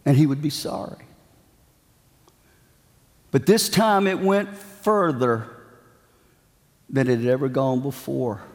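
A man's voice: medium pitch, slow pace, pauses often. A man delivers a sermon, building his points through dramatic, repeated phrases and a storyteller's pacing. His voice rings out with a long reverb, as if it fills a large hall. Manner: dramatic, emphatic preaching cadence with repetitions. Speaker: preacher.

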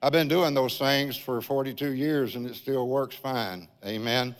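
A man's voice: mid-range voice, a little slow. An older man preaching a sermon in a church, telling a folksy personal testimony and often calling out "Amen" to the congregation. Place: large church sanctuary. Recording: long church-hall reverb.

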